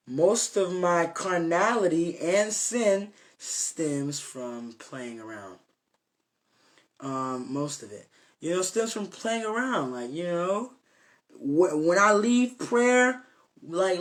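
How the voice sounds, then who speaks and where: A young man giving an informal, earnest devotional talk, rambling with many fillers and restarts. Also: sits high. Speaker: self-made preacher.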